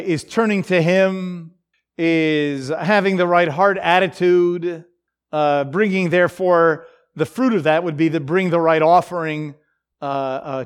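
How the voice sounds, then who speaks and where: A man with a voice that sits high delivers devotional teaching in a conversational style. He uses lots of fillers and keeps checking in with his listeners, asking "okay?" and "right?"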